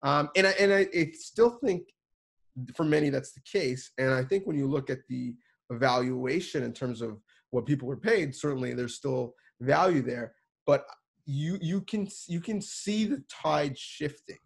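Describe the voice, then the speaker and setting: Earnest gravelly-voiced man giving advice. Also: on the high side, normal speed. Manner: earnest, emphatic, many restarts. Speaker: sports reporter and producer, guest. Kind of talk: conversational advice to students.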